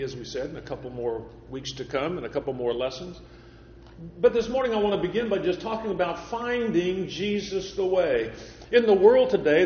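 Male preacher, slightly high voice, measured repetitive sermon delivery, reverberant church hall, dull lo-fi recording. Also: a little mellow, slight background noise. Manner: measured preaching, repeats phrases for emphasis. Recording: echoey hall, dull lo-fi sound.

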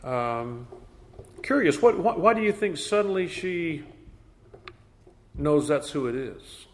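A man's voice: a little high, lively intonation, slow pace, a little hiss or hum. A man leading a Bible study class in a conversational way, asking the group questions.

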